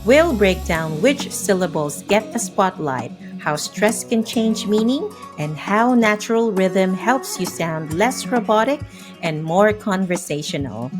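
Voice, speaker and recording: A woman narrates a scripted language lesson in a fairly low voice, speaking very slowly with crisp, careful articulation. Her tone stays upbeat and encouraging, and she spaces drill words out one by one. Soft music plays faintly underneath. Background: faint background music.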